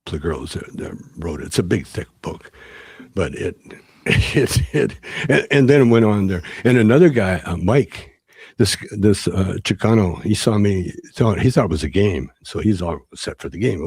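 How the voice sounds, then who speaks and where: Low husky-voiced man rambling through a story. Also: lively intonation, a little mellow, dry recording. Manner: halting, with many restarts and fillers. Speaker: interview guest.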